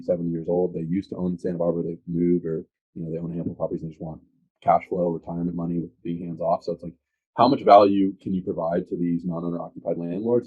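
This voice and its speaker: Fast-talking husky low-voiced man. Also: phone-quality sound. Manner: energetic, eager, acts out sales calls. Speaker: real estate agent, guest. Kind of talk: casual podcast conversation.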